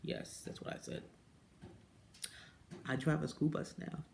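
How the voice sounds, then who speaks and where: A woman talking casually to camera, telling her own story and jumping up high when she quotes people. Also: a little slow, vocal fry, a little hiss or hum. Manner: animated storyteller who mimics people with high-pitched quotes and drops into whispers. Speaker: direct-sales jewelry consultant. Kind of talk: casual personal vlog monologue.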